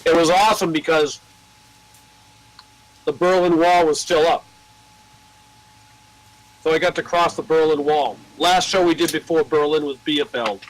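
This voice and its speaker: An older American man who owns a record label tells long, rambling anecdotes in casual conversation, swearing and imitating the voices of people he quotes. His voice is on the high side with fairly even intonation, normal speed and frequent pauses, on a low-quality recording.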